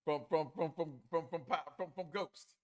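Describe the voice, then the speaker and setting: A man co-hosting a casual review show, loud and playful, crude jokes, acting out the characters as he recaps. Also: on the high side, fairly even intonation, moderate pace, a crowd in the background.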